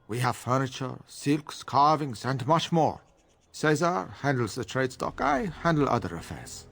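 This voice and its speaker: A polished, worldly trader in a fantasy video game. He stays formal and courteous, dodging questions about his business. His pitch sits mid-low for a man and swings widely as he speaks. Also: sing-song, a little slow, creaky, fairly bright tone, full character voice. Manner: polite, formal and guarded, with a foreign lilt. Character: courteous worldly male trader, smooth and evasive. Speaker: merchant.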